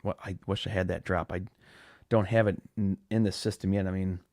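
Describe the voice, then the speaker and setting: Low-voiced man rambling on a live stream. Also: steady tone, a little fast, a little mellow, no room sound, clean studio sound. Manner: rambling, with restarts and fillers. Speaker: podcast host. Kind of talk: casual live-stream chat.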